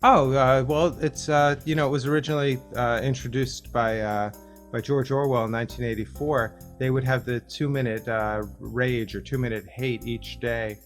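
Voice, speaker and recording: Middle-aged male host, halting video-call rambler, mid-pitched voice, soft guitar underneath. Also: steady tone. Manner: rambling, halting, full of restarts. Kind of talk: casual video-call chat.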